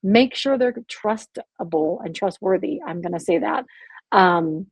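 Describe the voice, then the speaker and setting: Woman, podcast guest, earnest, candid, casual talk, breathy husky tone, dry close sound. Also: mid-range voice, expressive, measured pace, no echo. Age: adult, married with children. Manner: earnest, candid, heavy use of "like". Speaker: guest, abuse survivor and author.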